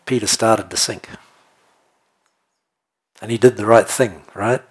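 A man preaching a sermon, animated and playful, often laughing and checking in with the congregation. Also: fairly low pitch, takes it slowly, husky. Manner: animated, jokey, laughs often, asks the room "right?". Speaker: pastor.

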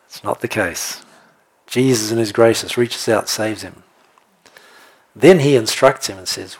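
A man preaching a sermon, animated and playful, often laughing and checking in with the congregation. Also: fairly low pitch, unhurried, pauses often, breathy edge. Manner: animated, jokey, laughs often, asks the room "right?". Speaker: pastor.

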